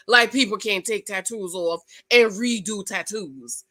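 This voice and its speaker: Chatty, bright-voiced woman recapping TV. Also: on the high side. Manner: chatty, gossipy, quick exclamations. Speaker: channel host. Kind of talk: casual reality TV recap commentary.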